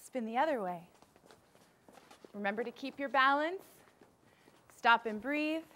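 Bright-voiced woman teaching kids music. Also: high-pitched, unhurried. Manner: cheerful, leads call-and-response drills. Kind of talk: children's music lesson.

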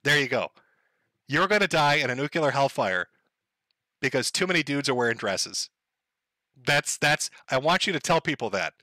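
A man's voice: mid-range voice, sing-song, moderate pace, pauses often, sharp tone, no echo. A man hosting a livestream, rambling to his chat in a profane comedic rant and laughing often. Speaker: livestream host.

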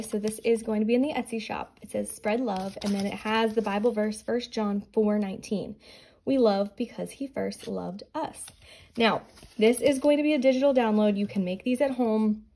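A woman's voice: mid-range voice, rough recording. A young adult woman hosting a budgeting vlog, chatting earnestly, slightly out of breath from pregnancy. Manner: soft, earnest, prayerful. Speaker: budgeting channel host. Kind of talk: casual chat and scripture reading.

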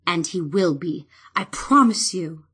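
A woman voicing a confident, loving young male king in an audiobook, steady and assured. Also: on the low side, unhurried, slightly rough, exaggerated voice.

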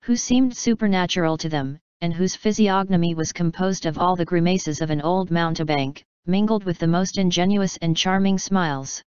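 Crisp-voiced woman narrating a novel. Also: fairly low pitch, normal speed, few pauses, darkish tone, no room sound, highs cut off. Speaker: audiobook narrator. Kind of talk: scripted narration of a classic novel.

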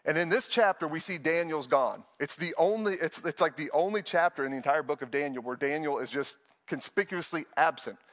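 A young adult man preaching a sermon to an online audience, telling stories with lively acted-out voices. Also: fairly high pitch, a little fast, few pauses. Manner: animated storytelling, acts out voices in anecdotes. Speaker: pastor.

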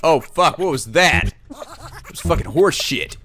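A young man hosting a comedic video game let's play, excitable and profane, breaking into laughter and silly voices. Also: on the high side, a little slow, background noise.

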